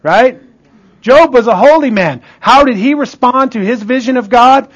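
A man preaching a sermon with emphatic call-and-response, asking "Amen?" and often dropping to a hush for emphasis. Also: very high voice, animated, moderate pace, highs cut off. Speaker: pastor.

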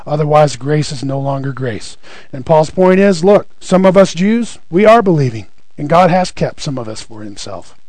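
High-voiced male preacher, dry sound. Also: no echo, rough recording. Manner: conversational, stumbles and repeats words, asks "right?". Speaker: pastor. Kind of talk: sermon teaching.

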